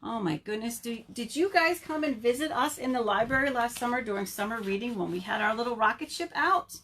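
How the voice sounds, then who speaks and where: Bright animated woman reading to kids. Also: fairly high pitch, a little fast, slight background noise. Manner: animated, sing-song, asks children questions. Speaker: children's librarian. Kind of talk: storytime read-aloud for children.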